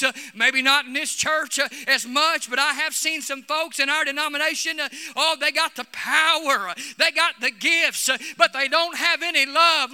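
Man, Pentecostal pastor, fervent sermon, frequent "uh" fillers, long church-hall reverb. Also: very high-pitched. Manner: fervent preaching, often starting phrases with "uh", building to shouts. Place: church sanctuary.

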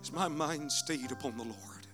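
A man preaching a sermon in church, swinging between shouted exhortation and hushed prayer. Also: fairly high pitch, moderate pace, music in the background.

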